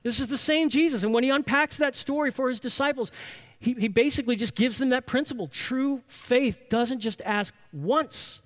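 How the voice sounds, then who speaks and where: A man's voice: very high voice, moderate pace, a bit bright. A man preaching a sermon to a congregation, emphatic, asking rhetorical questions and repeating key phrases for weight. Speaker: pastor.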